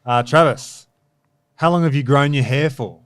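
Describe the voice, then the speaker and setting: A man with a mid-range voice runs a quick-fire question segment on a podcast. He sounds brisk and upbeat as he moves the questions along. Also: medium pitch, smooth. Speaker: podcast host. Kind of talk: quick-fire quiz hosting.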